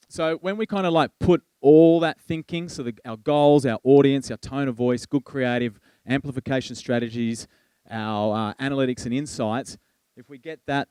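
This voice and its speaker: A man's voice: mid-range voice, darkish tone, smooth, dry recording. A man giving a conversational conference keynote, with frequent ums and restarts. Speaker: keynote speaker. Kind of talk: conference presentation.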